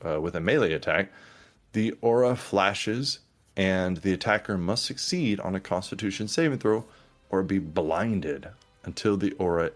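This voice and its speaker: A man narrating a tabletop game as game master, with dramatic, measured delivery. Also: low voice.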